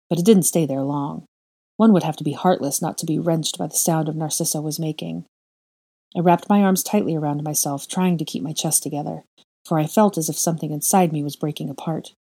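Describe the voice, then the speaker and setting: A woman reading a first-person fan fiction story aloud in a measured, expressive way. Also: deep voice, slightly rough. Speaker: audiobook reader.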